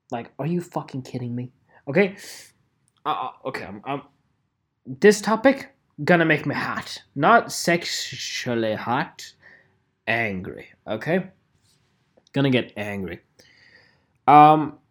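A man hosting his own photography show, ranting casually and swearing, with lots of "okay?" checks. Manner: animated, swearing, with lively swings in pitch and repeated "okay?". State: tired. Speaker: photography podcaster. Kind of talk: casual solo vlog rant.

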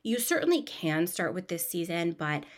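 A woman hosting a podcast, recapping a reality show in a chatty, gossipy, animated way. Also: fairly low pitch, moderate pace. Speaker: podcast host.

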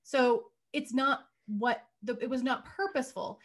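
A woman hosting a podcast, talking in an emphatic, deliberate way. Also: sits high. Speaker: podcast host. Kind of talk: casual podcast conversation.

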